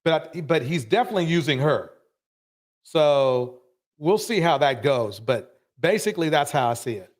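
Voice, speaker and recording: A man's voice: fairly high pitch, lively intonation, moderate pace. A man hosting a live show, commenting emphatically and ranting about what he has just watched. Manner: emphatic, ranting, repeats himself.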